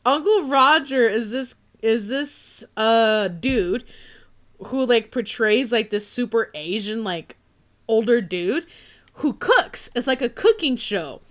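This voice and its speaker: A woman's voice: fairly high pitch, expressive, slow, fairly bright tone. A young woman co-hosting a podcast, chatting casually, swearing often and laughing through her stories. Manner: profane, giggly storyteller. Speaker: podcast co-host. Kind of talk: casual chat.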